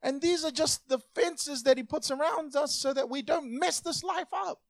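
A man preaching a sermon, lively and conversational, dropping soft then rising loud, acting out voices in his stories. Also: extremely high pitch, moderate pace, gravelly, no room sound. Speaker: pastor.

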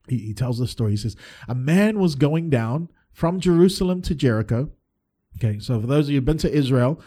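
A man's voice: mid-range voice, darkish tone. A man preaching a sermon as a pastor, earnest and emphatic, often restarting his phrases.

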